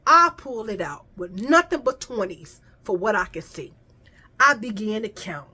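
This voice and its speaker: Woman, casual storytelling, fairly high pitch, animated, profane. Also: a little slow. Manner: profane, animated, addresses listeners as y'all. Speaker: vlogger.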